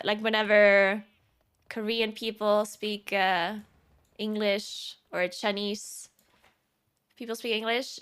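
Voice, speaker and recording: A woman's voice: medium pitch, a bit bright, smooth. A woman streamer chatting casually in a rambling way, laughing often.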